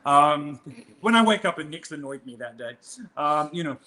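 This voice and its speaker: A man's voice: fairly high pitch, expressive, normal speed, pushed and bright. A man speaking as an interview guest in a casual conversation, rambling with frequent restarts and a mocking, provocative manner. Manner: rambling, with many restarts and fillers.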